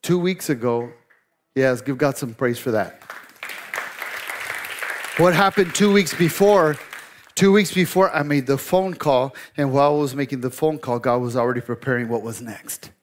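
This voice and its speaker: A man's voice: mid-range voice, normal speed, some chatter behind, slight background noise. A middle-aged male pastor preaching a sermon, telling a story in a conversational, joking way with asides to the congregation.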